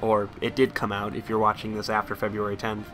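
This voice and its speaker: A young man giving casual, excitable let's-play commentary, often incredulous and swearing. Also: fairly low pitch, fairly quick, faint music behind. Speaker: gameplay commentator.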